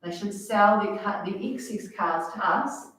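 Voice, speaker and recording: A woman's voice: mid-range voice, unhurried, a bit bright. A woman explaining economics to a class in a casual, chatty way, full of fillers. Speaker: economics teacher. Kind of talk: classroom lecture. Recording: echoey room, voice from far off.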